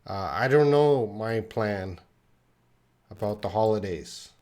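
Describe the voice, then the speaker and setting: Reading questions from the chat during a live online English lesson, this male teacher corrects them patiently, speaking slowly and clearly though he sounds tired. His voice is on the low side with a dark tone, yet animated.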